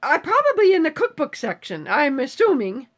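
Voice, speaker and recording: A woman's voice: high voice, huge pitch swings, moderate pace. A woman in her seventies chatting casually on a live stream, reading viewer comments aloud and answering them with frequent swearing. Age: 70s.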